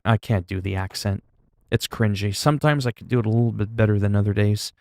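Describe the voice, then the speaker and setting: A man's voice: lowish voice, steady tone, fast talker, vocal fry, a little mellow, dry recording, studio quality. A male streamer chatting casually while playing a game, laid-back and rambling, with plenty of swearing. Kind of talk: casual gaming livestream chat.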